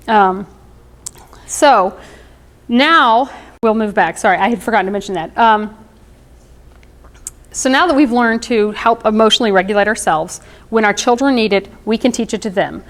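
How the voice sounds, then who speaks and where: A woman's voice: a little high, moderate pace. A woman in her thirties giving an informal presentation on emotional wellness, conversational and explanatory, with frequent ums and asides.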